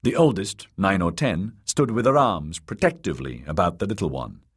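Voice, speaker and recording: A man narrating a fantasy audiobook in measured storytelling. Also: deep voice, animated, slightly rough.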